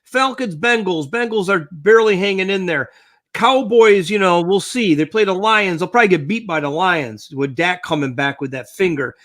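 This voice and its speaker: A man's voice: high-pitched, normal speed, fairly bright tone. An older man co-hosting a casual sports talk show, rambling and thinking aloud as he talks.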